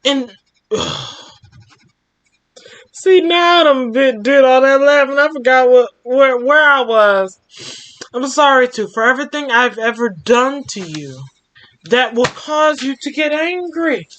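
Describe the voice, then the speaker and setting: Young woman reading a fan story out loud, super lively, high bright voice, stops to comment a lot. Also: unhurried. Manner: expressive, laughs and breaks off to comment. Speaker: story time host.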